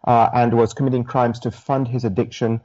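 A middle-aged man speaks with a British accent worn soft by long years in Australia. He is a minister answering questions in an interview, halting and thoughtful, full of ums and restarts. His voice sits at a middle pitch, and the audio is dull and lo-fi. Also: flat delivery. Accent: British, softened by years in Australia. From United Kingdom. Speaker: Anglican minister, guest.

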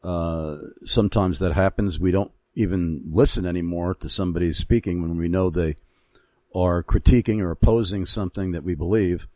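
A man hosting a Christian talk program, speaking in a measured, halting way with frequent pauses. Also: deep voice, fairly even intonation, warm tone, no echo. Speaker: radio show host.

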